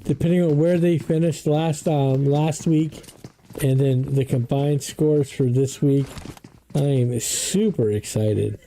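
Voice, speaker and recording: An esports caster doing play-by-play commentary, chatty and excitable, with the voice jumping up on every knockdown. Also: takes it slowly, slight background noise, poor audio. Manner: excitable, pitch jumps on knockdowns; chatty asides about the broadcast controls.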